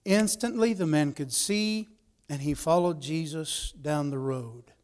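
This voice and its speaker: A man preaching a sermon, dropping to quiet asides and rising to emphatic, raised passages. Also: a little high, unhurried.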